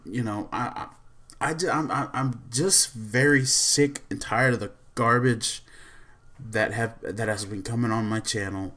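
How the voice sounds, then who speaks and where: A man's voice: mid-range voice, a bit bright. Man ranting angrily on his podcast. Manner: repetitive and profane, heated venting with restarts. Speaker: podcast host. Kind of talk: angry rant.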